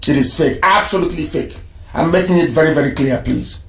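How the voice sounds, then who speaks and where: High-voiced guy hosting live radio, keeps repeating stuff for emphasis, echoey room. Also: a little fast, vocal fry, fairly bright tone, slight background noise. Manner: emphatic, repeats phrases for stress. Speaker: radio broadcast host. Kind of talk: live radio broadcast with call-ins.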